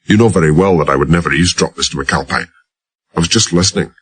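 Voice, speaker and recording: A man's voice: low-pitched, fast talker, a bit bright, husky, no echo. Man doing an indignant old Glasgow driver. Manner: indignant, unperturbed. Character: old wizened male transporter driver.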